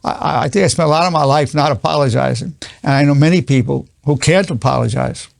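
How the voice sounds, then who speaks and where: A man's voice: fairly high pitch, fast talker, vocal fry, no room sound, clean studio sound. A man in his eighties, a psychologist giving an earnest spoken lesson, repeating key phrases with stammering restarts. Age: 80s.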